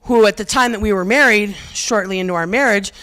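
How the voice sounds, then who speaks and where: Speaking briskly in a mid-range voice with a fairly bright tone, a middle-aged woman performs stand-up for a live audience on a historic theater stage. Her set mixes stories with punchy lines and brassy, self-mocking asides.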